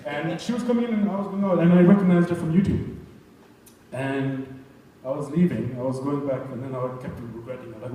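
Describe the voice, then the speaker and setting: A young stand-up comedian with a slightly high voice and a dark tone talks briskly through a set on a club stage, rambling with self-deprecating asides. The club sounds echoey and distant, with slight background noise.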